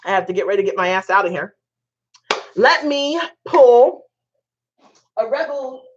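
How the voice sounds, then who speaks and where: A blunt, foul-mouthed middle-aged woman talks straight to her viewers during a tarot reading, lecturing them like a preacher. Her voice sits a little high, and the sound is dull and lo-fi. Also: lively intonation, normal speed, slight background noise. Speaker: tarot reader. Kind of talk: casual tarot reading monologue.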